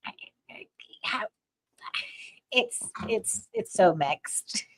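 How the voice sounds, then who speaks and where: A woman's voice: mid-range voice, wildly swooping pitch, drawn-out words, creaky, noisy background. A woman guest in a casual interview chat, hesitant and searching for her words. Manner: hesitant, searches for words, many short agreements.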